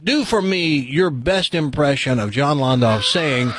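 A man's voice: on the high side, lively intonation, moderate pace, slight background noise. A man hosting a talk radio show, chatting casually and teasing his guest while telling stories. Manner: playful, teasing, tells anecdotes. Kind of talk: casual on-air banter. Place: radio studio.

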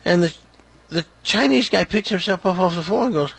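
A man with a husky voice hosts talk radio, blunt and opinionated. His pitch swings widely as he tells the story, and the close studio sound is dry. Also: animated, a little fast, no echo. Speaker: radio talk show host. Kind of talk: casual talk radio monologue. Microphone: studio microphone.

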